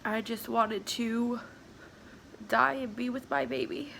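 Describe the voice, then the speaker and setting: A sniffling, tearful woman speaks in a personal confessional vlog from her home, her voice pitched a little high and roughened with fry. She talks slowly and haltingly, often sinking into soft whispers, with a faint room hum behind her. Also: fairly even intonation. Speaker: vlogger.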